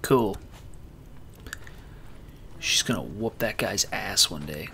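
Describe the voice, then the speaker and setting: A man's voice: low-pitched, expressive, slow pace, vocal fry, pushed and bright, slight background noise. A man giving casual, joking commentary while he plays a video game. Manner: laid-back, joking. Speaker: gamer. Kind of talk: casual let's-play commentary.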